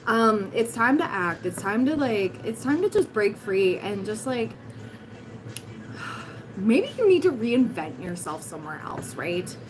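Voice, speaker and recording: Raspy, hoarse woman doing a tarot livestream. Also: medium pitch, noisy background. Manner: blunt, encouraging, giggly asides. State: hoarse, voice recovering. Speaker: tarot reader, livestream host. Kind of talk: casual livestream tarot reading.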